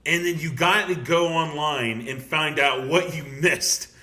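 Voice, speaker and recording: A young man hosting a casual podcast, excitably talking over a film, swearing a lot and laughing often. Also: a little high, unhurried. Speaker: podcast host. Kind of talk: casual movie review chat.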